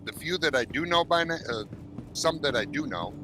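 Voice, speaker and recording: A man's voice: on the high side, expressive, a little fast, low-quality recording. A man hosting a casual gaming voice chat, blunt and teasing with his friends. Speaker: streamer host. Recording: music playing underneath.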